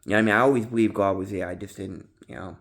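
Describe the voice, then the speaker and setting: Rambling, swearing guy in recovery. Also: racing. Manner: rambling, heavy slang and swearing, lots of fillers; goes loud and high when acting out his own past yelling. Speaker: vlogger in recovery. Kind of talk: casual monologue to camera.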